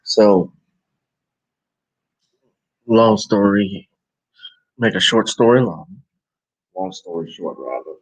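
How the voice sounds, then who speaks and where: A man's voice: lowish voice, slow, long pauses, breathy edge, no room sound, low-quality recording. A tired man with a New Orleans accent, talking casually on his live stream as a vlogger and podcast host, rambling and correcting himself. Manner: rambling, relaxed, self-correcting. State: tired and yawning.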